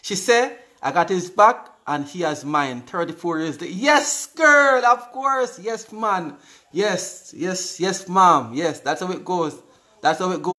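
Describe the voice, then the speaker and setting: Jamaican male host in his forties, high-pitched, chatty and upbeat, reads out viewer comments live. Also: expressive, slow, sharp tone. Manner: upbeat, chatty, repeats words, answers comments aloud. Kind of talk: casual live-stream chat, reading viewer comments.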